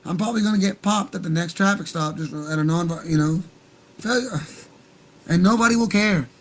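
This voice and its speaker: A man's voice: sits high, brisk, rough recording. A man hosting a livestream, talking in a heated, profane, rambling rant. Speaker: livestream host.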